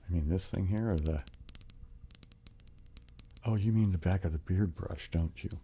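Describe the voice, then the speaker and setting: A man's voice: low voice, moderate pace, dark tone, a little hiss or hum. A man hosting a live stream in casual chat, thanking viewers by name between ASMR sounds.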